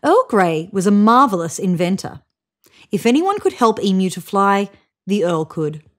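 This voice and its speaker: Woman reading a picture book aloud, mid pitch, very animated intonation. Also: moderate pace. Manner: expressive, lively reading. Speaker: children's book reader. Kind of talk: read-aloud storybook narration.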